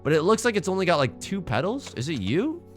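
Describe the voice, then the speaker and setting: A man's voice: high-pitched, wildly swooping pitch, a little fast, soft background music. A man streaming a game, joking around and reading the game's text aloud in silly voices. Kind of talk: casual game commentary.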